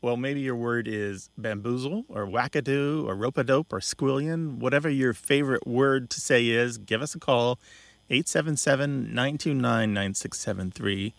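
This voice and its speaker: A man with a gravelly voice co-hosts a radio show from a dry studio. He explains things about language in a thoughtful, unhurried way, with the odd filler. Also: mid-range voice, a bit bright, no room sound. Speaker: radio co-host, language expert.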